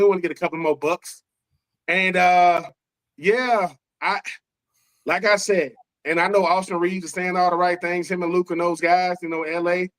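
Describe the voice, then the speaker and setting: A man's voice: high voice, a bit bright, no echo, low-quality recording. A man with an Atlanta accent co-hosting a sports podcast, talking in a loose, conversational way and repeating his points. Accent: Atlanta, Southern US. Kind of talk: casual sports talk.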